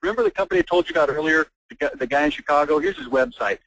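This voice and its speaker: A man giving a fired-up, blunt sales pitch as host of a marketing webinar on an online call. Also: rapid-fire, a bit bright, dry recording, rough recording. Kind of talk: persuasive sales presentation.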